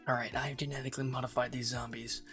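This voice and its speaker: A man's voice: mid-range voice, level tone, fast talker, fairly bright tone, faint music behind. A man giving casual, rambling play-by-play commentary on a strategy game he is playing, amused and full of fillers. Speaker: gaming channel host.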